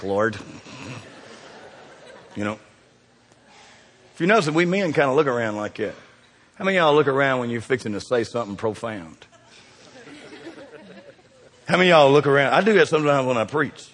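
A middle-aged man preaching a folksy sermon, swinging from loud emphasis down to hushed, quiet lines. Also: medium pitch, slight background noise. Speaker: pastor. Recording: reverberant hall.

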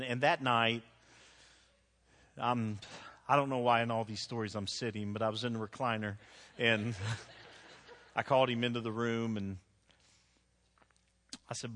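A man's voice: mid-range voice, fairly even intonation, normal speed, pauses often, fairly bright tone. A middle-aged man preaching a sermon, telling stories about himself in a conversational way with frequent restarts. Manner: conversational, self-deprecating storytelling with frequent restarts. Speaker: pastor. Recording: long echo of a large hall.

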